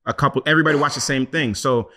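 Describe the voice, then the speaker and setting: A man's voice: mid-range voice, very fast. A man, a chef guest on a podcast, chatting casually and acting out voices as he tells stories. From New York City. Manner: animated storyteller who acts out other voices.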